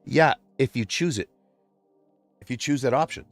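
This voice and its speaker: An upset man hosting a livestream, giving an emotional personal monologue. He vents with passion and swings between quiet, low stretches and loud outbursts. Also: moderate pace, no echo, faint music behind. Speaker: livestream host.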